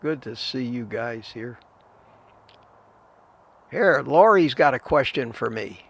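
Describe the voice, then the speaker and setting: A man's voice: mid-range voice, animated, takes it slowly, vocal fry, a bit bright. An older man hosting a live stream, chatting casually, giving advice and greeting viewers by name. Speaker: livestream host answering viewer chat.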